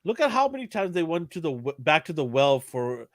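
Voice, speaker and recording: A man's voice: on the high side, sing-song, fairly quick, no room sound, clean studio sound. A man co-hosting a casual podcast, pressing his point by repeating it. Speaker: podcast co-host. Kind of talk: casual chat.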